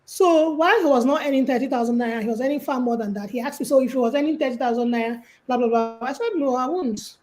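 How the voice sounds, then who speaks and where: Speaking fast with few pauses, a Nigerian woman with a high voice is heard over poor audio. She is the guest on a call, giving casual money and life advice through lively tales in which she acts out the quotes.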